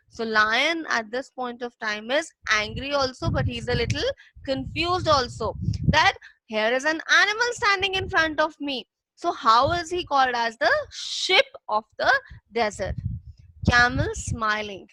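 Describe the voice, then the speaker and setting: A woman's voice: sits high, a little slow, sharp tone, no echo, low-quality recording. A woman teacher explaining a lesson patiently, repeating key points for young students. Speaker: English teacher. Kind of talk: classroom reading lesson.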